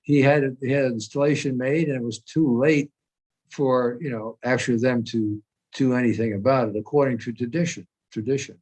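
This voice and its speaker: An older man speaking as a guest over a video call. He tells his memories in a measured, unhurried storytelling way. His pitch sits in an ordinary middle range. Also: fairly even intonation, darkish tone, breathy edge, rough recording. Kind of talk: reminiscing conversation.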